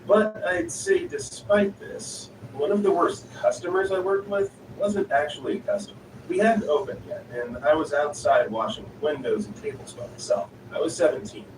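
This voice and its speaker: A man reading online stories aloud in an even, unhurried narrating style. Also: fairly high pitch. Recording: echoey, distant voice with noisy ambience.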